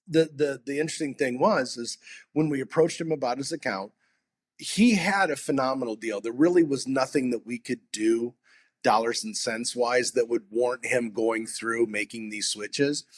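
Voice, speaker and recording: A man's voice: mid-range voice, breathy edge. A man on a sales podcast, talking casually and acting out both sides of customer conversations in his stories. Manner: animated storyteller acting out customer dialogue.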